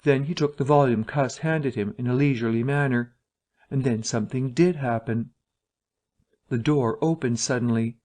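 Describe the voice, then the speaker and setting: Male narrator, scripted story reading, steady and even. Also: mid-range voice, moderate pace.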